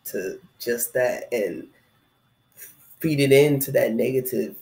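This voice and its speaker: Man, 30s, spiritual vlogger, gravelly and a touch high, rambling reflective chat, echoey room. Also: slow, a little mellow. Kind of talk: casual spiritual talk.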